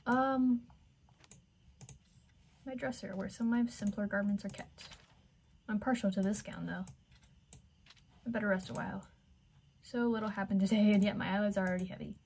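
A woman's voice: medium pitch, fairly even intonation, moderate pace, creaky, long pauses, a little mellow, a little hiss or hum. A woman playing a video game, reading its text aloud with drama and breaking off with surprised exclamations. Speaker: gamer.

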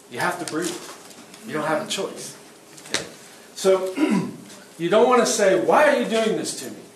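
A middle-aged man teaches a self-defense class in a plain, practical way, checking in with quick questions. His voice sits a bit high for a man. He is picked up from a distance in a reverberant room with faint background noise. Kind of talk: workshop teaching. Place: event hall. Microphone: distant room mic. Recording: echoey hall from far off, faint noise.

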